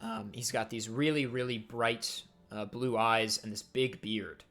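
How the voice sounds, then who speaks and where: A man's voice: fairly low pitch, flat delivery, a little slow, fairly bright tone. A man narrating as game master of a tabletop game, casual and descriptive with many fillers.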